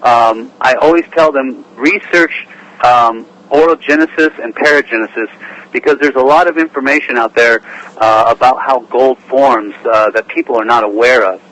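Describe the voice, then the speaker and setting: A man being interviewed on talk radio, earnestly explaining how gold deposits form, with frequent pauses. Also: mid-range voice, fairly bright tone, rough recording. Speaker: guest, gold prospecting expert. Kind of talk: interview answers.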